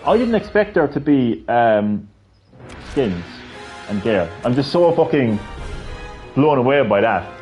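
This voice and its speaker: A man's voice: medium pitch, big pitch swings, unhurried, long pauses, a little mellow, soft background music. Profane ranting male game streamer. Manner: ranting, swearing, rambling. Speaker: gaming live streamer. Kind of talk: casual live-stream commentary.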